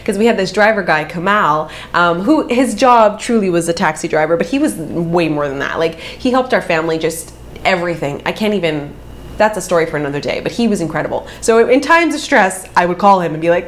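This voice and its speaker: A woman in her thirties tells a story straight to camera in a relaxed, chatty way. She is animated and expressive, and her voice leaps up in pitch whenever she plays out what people said. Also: fairly quick. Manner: animated, chatty, acts out quotes with big pitch jumps. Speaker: vlogger. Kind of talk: casual storytime chat.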